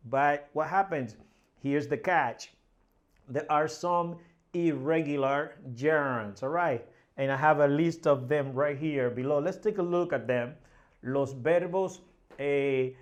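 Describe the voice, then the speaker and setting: A man's voice: on the high side, slow. A man, a Spanish native speaker, teaching a language lesson in English, explaining step by step and often repeating words and checking with "right?".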